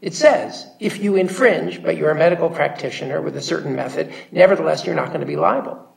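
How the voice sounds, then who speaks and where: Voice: mid-range voice, expressive, fairly quick, gravelly. An appellate judge who cuts in to explain the law firmly to counsel. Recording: voice picked up from a distance.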